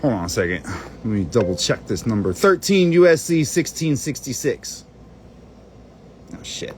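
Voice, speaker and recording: A channel host rambles through a screen-share, digging through documents on screen while muttering to himself and cursing under his breath. His medium-pitched voice is very animated and darkish, at a normal speed, with a little hiss or hum.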